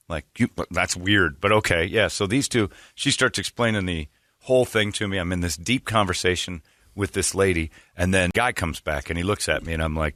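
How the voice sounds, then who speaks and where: A man's voice: deep voice, fairly quick, no room sound, studio quality. A man hosting a radio show, telling a long rambling anecdote and quoting the people in it. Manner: rambling, animated anecdote with quoted voices. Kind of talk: storytelling on a sports radio show.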